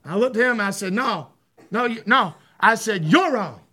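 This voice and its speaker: A man preaching a fervent sermon, often shouting and stumbling over repeated words. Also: high voice, normal speed.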